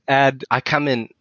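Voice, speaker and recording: A man with a Swedish accent, Swedish his first language, tells a rambling story in English, leaning on "you know" and laughing as he goes. His voice is bright and forward. The sound is dry and close. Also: lowish voice, no echo, muffled recording. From southern Sweden. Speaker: musician guest. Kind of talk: casual storytelling.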